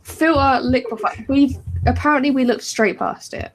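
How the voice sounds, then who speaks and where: A woman's voice: high-pitched, moderate pace, a little hiss or hum, poor audio. A woman co-hosting a podcast, chatting casually and thinking aloud while she draws, often giggling. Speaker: podcast co-host. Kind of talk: casual chat while drawing.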